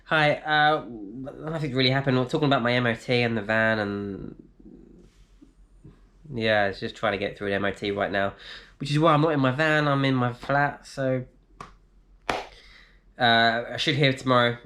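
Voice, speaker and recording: A man's voice: medium pitch, steady tone, moderate pace, long pauses, pushed and bright. Chatty man answering live chat. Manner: chatty, reads out comments and replies, laughs easily. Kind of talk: casual live stream chat. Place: indoors in a flat.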